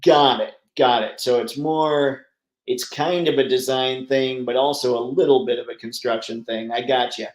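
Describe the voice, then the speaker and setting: A man's voice: medium pitch, steady tone, moderate pace. A man hosting a live stream in a loose, rambling way, chatting with viewers and reading their comments aloud. His voice sits in an ordinary middle range and laughs come easily. The sound carries a roomy echo around him. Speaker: livestream host.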